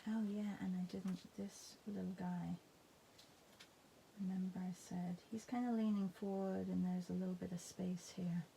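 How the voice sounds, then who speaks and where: A woman's voice: fairly low pitch, fairly even intonation, normal speed, vocal fry, dark tone, slight background noise. A woman teaching a live painting class, chatting and thinking aloud as she paints. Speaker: art teacher. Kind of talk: live painting demo, casual commentary.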